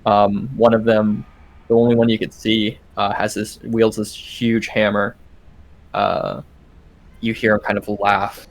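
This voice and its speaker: Low-voiced, hesitant male game master. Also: flat delivery, a little slow, gravelly. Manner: hesitant, many ums, descriptive. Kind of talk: narrating a tabletop game.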